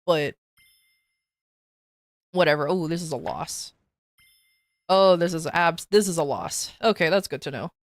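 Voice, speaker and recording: A woman's voice: low-pitched, unhurried, long pauses, no room sound. Rambling, profane female streamer. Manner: profane, rambling, many restarts and fillers. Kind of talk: casual livestream storytelling.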